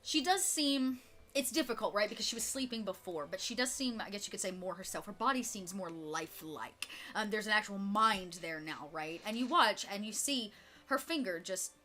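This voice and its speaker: A woman narrating a tabletop role-playing game as game master, soft and unhurried, with frequent fillers. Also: mid-range voice, expressive.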